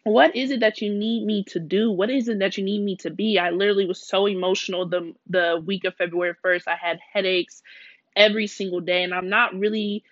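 A woman's voice: medium pitch, fairly even intonation, brisk, no room sound, muffled recording. A young adult woman hosting a faith podcast, talking candidly and emotionally in a casual, slangy way. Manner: emotional, confessional storytelling. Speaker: podcast host.

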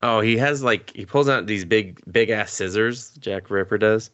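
A man's voice: on the low side, normal speed, a bit bright, no echo. Rambling, swearing man with a cough. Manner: rambling and profane, chuckles often. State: sick with a cough. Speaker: podcast host. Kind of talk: casual chat recapping anime.

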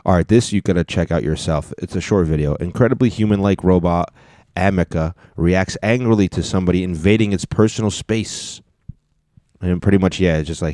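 A man with a very low voice riffs casually over clips he is watching, talking over them in a loose, joking way. The sound is dry and close, with almost no room around him. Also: fairly quick, mellow, no echo. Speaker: podcast host. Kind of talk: casual commentary reacting to videos.

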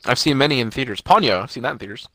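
A man casually recapping a cartoon episode to a friend over a voice call, animated and profane. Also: mid-range voice, racing, no echo. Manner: animated, profane, laughs while retelling.

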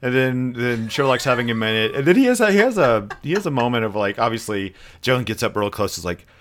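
A man chatting on a podcast, walking through an episode scene by scene. He slips into the characters' lines as he goes, his voice sitting at an ordinary middle pitch. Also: fast, a little hiss or hum. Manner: animated, acts out characters' lines in quotes. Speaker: podcast co-host. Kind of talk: casual chat recapping a TV episode.

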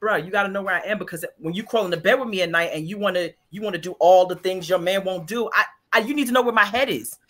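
A woman's voice: mid-range voice, fast talker, hardly any pauses, fairly bright tone. A woman co-hosting a casual podcast, emphatic and slangy, pressing her points with rhetorical questions. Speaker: podcast co-host.

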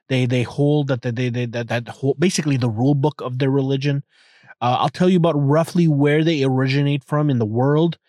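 A man's voice: on the high side, darkish tone, no room sound, studio quality. Rambling joking man podcasting from a car. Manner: rambling, irreverent, joking, many restarts. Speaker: podcast host. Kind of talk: casual solo podcast monologue. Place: inside a car.

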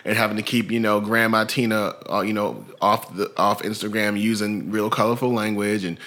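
A man's voice: on the low side, fairly even intonation, brisk, fairly bright tone. A man co-hosting a casual comedy chat, riffing with profanity and laughter. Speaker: podcast co-host.

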